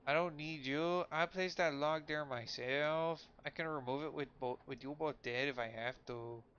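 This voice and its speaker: A man voicing a tough, wary female highway bandit who speaks curtly and threateningly, on a lo-fi recording. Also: normal speed, a bit bright, clean tone, close to an everyday voice. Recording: lo-fi with faint noise.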